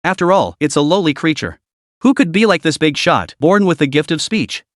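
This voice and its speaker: Guy voicing a loud cocky bird beast, high and sneery, bouncy pitch, storybook recap. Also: animated, moderate pace, no echo, studio quality, natural voice. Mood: sneering bully. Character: brash trash-talking male magpie beast.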